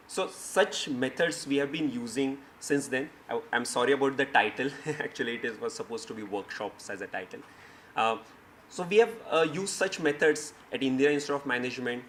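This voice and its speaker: A man's voice: medium pitch, fairly bright tone, slight background noise. Man giving a seminar talk. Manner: explanatory, with frequent restarts and fillers. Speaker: speaker presenting his company. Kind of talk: seminar presentation. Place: seminar hall.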